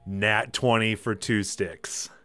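Rambling game master, low smooth voice. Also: male voice, steady tone, slow, sharp tone. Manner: casual, rambling, many fillers. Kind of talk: narrating a live tabletop game.

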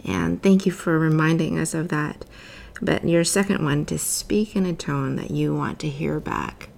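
A woman, a mother and former teacher, hosting a casual interview with lively talk, frequent laughs and restarts. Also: low voice, unhurried, vocal fry, a little hiss or hum. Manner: animated, laughs often, many restarts. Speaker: podcast host.

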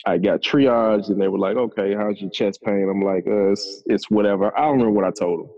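A man's voice: on the low side, fairly even intonation, brisk, darkish tone, muffled recording. A man, a podcast guest telling his story in a laid-back, conversational way. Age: 30s. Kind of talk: casual storytelling.

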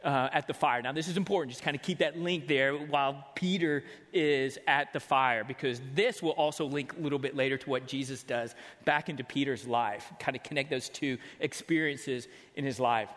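A man preaching a sermon in a casual, animated storytelling way, acting out the voices of the people in the story. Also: mid-range voice, normal speed, hardly any pauses. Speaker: pastor. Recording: long hall reverb.

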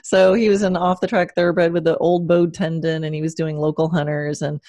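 A woman's voice: sits low, flat delivery, brisk, warm tone, no echo. A woman from Long Island with a mild Long Island accent, a dressage trainer telling stories as a guest in a casual interview, laughing often. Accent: mild Long Island New York. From Long Island, New York. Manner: chatty storyteller, laughs often.

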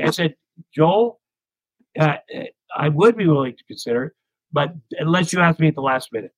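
A man's voice: on the high side, expressive, normal speed, no echo, rough recording. A middle-aged man from the United States, a comedian telling candid stories as an interview guest, rambling and self-deprecating. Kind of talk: candid anecdotal storytelling.

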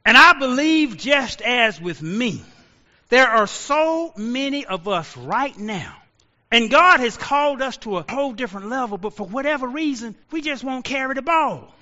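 A man in his sixties preaching a sermon as a pastor, telling stories and shouting out quoted lines. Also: sits high, big-room sound, dull audio. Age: 60s.

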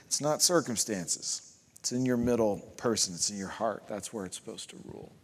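A man preaching a sermon as pastor, emphatic and repeating phrases for rhythm, building to loud climaxes. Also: lowish voice, breathy edge. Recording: long hall reverb.

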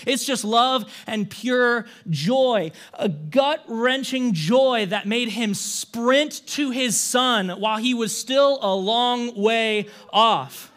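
This male pastor's voice is bright, forceful and unusually high for a man, and he preaches slowly with few pauses. His conversational sermon tells the story in an animated way, peppered with rhetorical questions and a casual "like."

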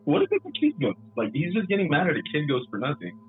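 A man's voice: fairly high pitch, huge pitch swings, fast, narrow, tinny audio, faint music behind. A man joking around in casual podcast chat, stammering on repeated words. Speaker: podcast guest.

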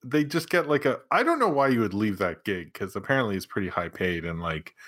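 A man's voice: lowish voice, brisk. A man co-hosting a podcast, chatting casually with lots of fillers and restarts. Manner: rambling, filler-heavy, lively. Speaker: podcast co-host. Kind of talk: casual chat.

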